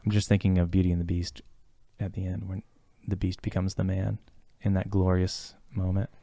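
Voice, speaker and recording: Guy on a podcast, kinda low voice, dry close mic, rambles w lots of ums, earnest. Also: little pitch movement, normal speed, vocal fry, mellow, no room sound. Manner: rambling, many fillers and restarts; earnest and reflective. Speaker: podcast co-host. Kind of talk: casual podcast conversation.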